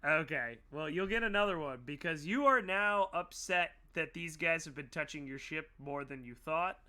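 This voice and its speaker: Man, game master, tabletop role-play narration, very bright voice, slightly high, laughs often. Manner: laughs often and puts on quick voices for the characters.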